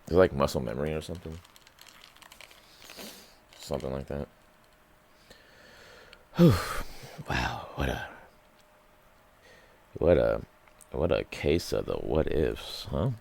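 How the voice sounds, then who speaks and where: A man's voice: extremely low pitch, lively intonation, takes it slowly, gravelly, pauses often, darkish tone. A man hosting his own podcast, telling a rambling, profane story alone in a small room into a microphone. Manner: rambling, profane, full of likes and quoted reactions. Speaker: podcast host. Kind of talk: casual storytelling rant. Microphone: studio microphone.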